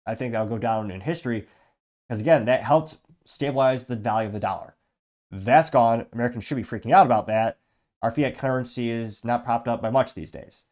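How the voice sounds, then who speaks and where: Fast-talking sardonic male commentator. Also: mid-range voice, darkish tone. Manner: rapid, sardonic and blunt. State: over-caffeinated. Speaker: host. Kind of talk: political commentary reading viewer comments.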